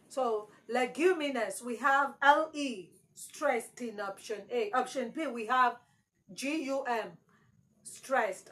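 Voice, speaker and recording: A woman's voice: fairly high pitch, fairly bright tone, rough recording. A woman teaching an exam-prep English lesson, repeating key words for emphasis.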